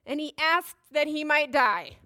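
A woman's voice: high-pitched, lively intonation, a little slow, bright, forceful tone. A woman giving a casual, chatty Bible teaching, drifting into side notes and jokes about herself. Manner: chatty, digressive, self-deprecating.

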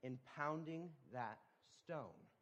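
A man's voice: a little high, slow pace, fairly bright tone. A man preaching a sermon, telling a folksy story with casual asides.

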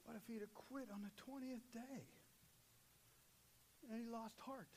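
A man preaching a sermon, swinging between loud urgent passages and low, quiet intensity. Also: moderate pace, long pauses, slight background noise.

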